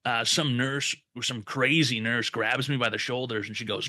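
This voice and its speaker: Young male podcast co-host, mid-pitch, retells a story with lots of swearing and quoted voices, dry close sound. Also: moderate pace, hardly any pauses, bright, forceful tone, dry recording. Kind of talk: casual storytelling.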